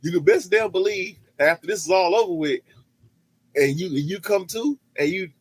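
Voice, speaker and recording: A man co-hosting a casual podcast, telling a story in an animated way, laughing often and repeating himself. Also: high-pitched, moderate pace, husky, dry recording, rough recording. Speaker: podcast co-host.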